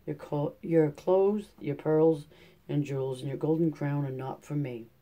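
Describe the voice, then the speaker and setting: A man's voice: fairly high pitch, fairly even intonation, a little slow, mellow, natural voice. A man reading a storybook aloud, voicing an old male frog who is coaxing and insistent. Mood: bargaining.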